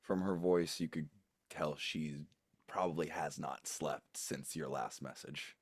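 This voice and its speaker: Deep, slow-talking male game master, dry sound, narrating a tabletop session. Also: husky, dry recording.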